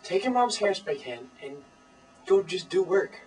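A teenage boy co-hosting a comedy web show, talking with deadpan, matter-of-fact macho bluster. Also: sits high, unhurried. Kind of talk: mock-serious comedy sketch. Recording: distant camera mic with mains hum.

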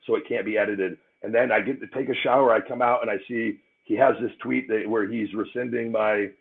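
A man's voice: medium pitch, steady tone, brisk, vocal fry. Blunt, profane man on a tinny phone line. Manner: blunt and profane, many repeated restarts. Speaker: interview guest. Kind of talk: heated live interview.

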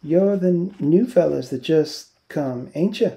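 Coy young ranch wife with a thin nasal brittle voice, pitched way up, a man putting her on in a read-aloud story. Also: slow, vocal fry, warm tone.

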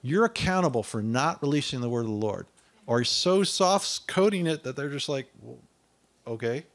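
A man preaching a sermon, reading scripture aloud and stopping to ask his listeners whether they follow, often rising to loud declamation on the quoted verses. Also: mid-range voice, expressive, moderate pace. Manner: conversational asides asking the listener.

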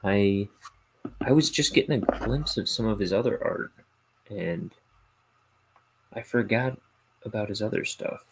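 A man's voice: on the low side, a little slow, long pauses, breathy edge, low-quality recording. A man chatting casually while he inks a drawing. He rambles and hesitates, and mocks himself with a chuckle. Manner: rambling and hesitant, with many fillers and restarts; self-mocking, chuckling to himself. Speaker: comic artist inking live.

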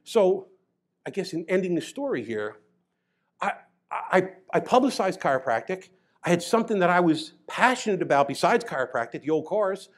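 High-voiced New storyteller man. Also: moderate pace. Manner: animated, grows loud and excited as the story builds. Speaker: chiropractor. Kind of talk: storytelling talk.

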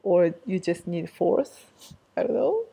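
A woman's voice: lowish voice, big pitch swings, measured pace, gravelly, warm tone, slightly rough. A woman giving a casual language lesson, explaining step by step and repeating key phrases. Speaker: language teacher.

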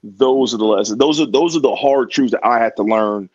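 Being interviewed as a wrestler, a man speaks briskly in a husky, medium-pitched voice. The chat is casual, his talk slangy and relaxed with frequent laughter, and the recording has no echo but its highs are cut off.

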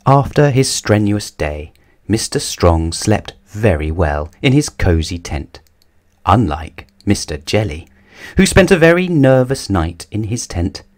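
A man's voice: lowish voice, very animated, unhurried. A man reading a children's picture book aloud as a bedtime story, telling it expressively.

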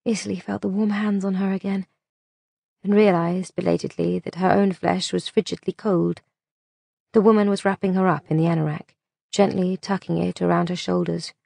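Brief: female audiobook reader, steady and measured, fry in the voice, dry recording. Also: fairly low pitch, no room sound. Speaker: audiobook narrator. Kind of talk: audiobook narration.

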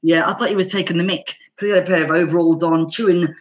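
Irish woman telling a lively anecdote. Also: on the low side, quick pace. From Ireland. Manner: animated storyteller acting out quoted dialogue. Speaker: banjo player and teacher. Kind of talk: casual anecdotal storytelling.

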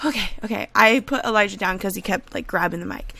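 A woman's voice: medium pitch, fast talker, vocal fry, few pauses, breathy edge. A woman doing casual game commentary from home, gushing and exclaiming over and over, rambling with fillers into a desk microphone. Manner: gushing and excitable, repeated exclamations. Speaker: gaming video creator. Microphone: desk USB microphone.

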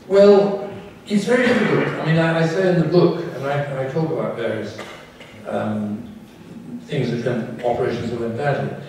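A man's voice: medium pitch, normal speed, a little mellow, recorded from a distance, a little hiss or hum. Wry older man in an echoey hall. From England. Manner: wry, candid, self-deprecating asides. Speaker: neurosurgeon giving a talk. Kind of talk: public talk with audience questions. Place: lecture hall.

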